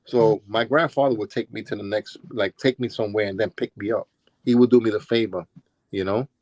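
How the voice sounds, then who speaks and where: Telling stories fairly quickly, this older interview guest from Brooklyn, New York, once a DJ and dancer, changes his voice to play the people he quotes. He speaks with a fairly low, slightly mellow voice and fairly even intonation, with no room sound in the casual storytelling.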